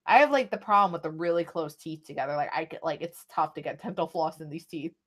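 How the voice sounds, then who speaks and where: A woman's voice: deep voice, quick pace, fairly bright tone. Chatty young woman vlogging to camera. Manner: rambling, chatty, with frequent "like" and sighs. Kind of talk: casual chat to camera. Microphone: phone camera held at arm's length.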